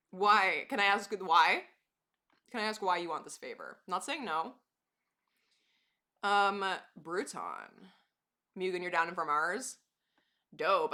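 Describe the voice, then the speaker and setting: Bright, chatty woman streamer. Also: lowish voice. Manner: rambling, chatty, laughs often, swears casually. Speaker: live streamer. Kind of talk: casual live-stream chat.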